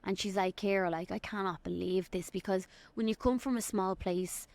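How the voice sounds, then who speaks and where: A young woman from Dublin with an Irish accent, hosting a solo podcast and giving an excited, rambling life update. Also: medium pitch, normal speed, no echo. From Ireland. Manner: excited, rambling, quotes people in little acted voices. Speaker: podcast host and fitness coach.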